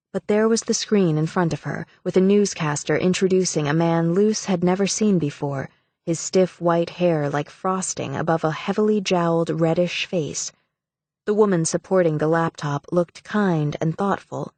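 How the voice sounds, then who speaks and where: A woman reading an audiobook as a measured, even narrator. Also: lowish voice, no room sound. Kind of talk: scripted narration.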